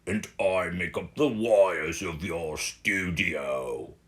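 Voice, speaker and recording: Personified cable spirit with an English accent, deep and measured, formal, as a man puts it on. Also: a bit bright. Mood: solemn. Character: personified studio wires, stiff male English persona.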